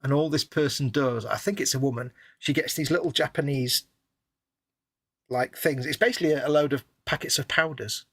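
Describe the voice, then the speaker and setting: Husky-voiced man chatting casually. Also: fairly high pitch, fairly quick, a bit bright, no room sound. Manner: chatty, rambling, wry. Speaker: co-host of a live stream. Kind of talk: casual chat while building models.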